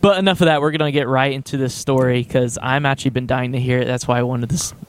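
A man's voice: mid-range voice, fairly even intonation, fast talker, slight background noise. A young man hosting a podcast, opening the episode in an upbeat, jokey casual chat. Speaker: podcast host.

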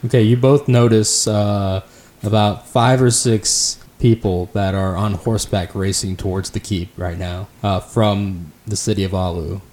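A man narrating as game master in a tabletop game, relaxed and hesitant. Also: fairly low pitch, a little slow.

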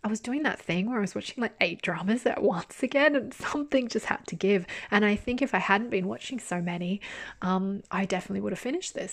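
Woman drama reviewer, casual chat, frank and lively, drops swear words, mid-pitched voice. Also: brisk. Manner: candid, animated, swears freely.

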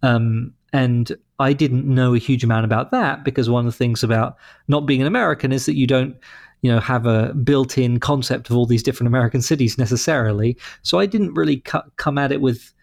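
A man in his thirties with an English accent, answering interview questions in a thoughtful, articulate, measured way. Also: mid-range voice, gravelly, darkish tone, no echo, clean studio sound. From London, England. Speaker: leader of a humanist congregation.

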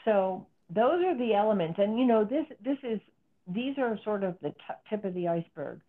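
A woman's voice: mid-range voice, animated, moderate pace. Therapist guest, middle-aged woman, earnest explanatory delivery, heard through a narrow phone-like line. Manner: earnest, explanatory, acts out quoted speech. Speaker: psychotherapist and author guest. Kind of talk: interview conversation.

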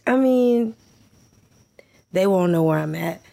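A woman telling stories in casual chat, animated, laughing often and acting out what people said. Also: lowish voice, slow, gravelly. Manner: animated storyteller, laughs a lot, acts out quotes.

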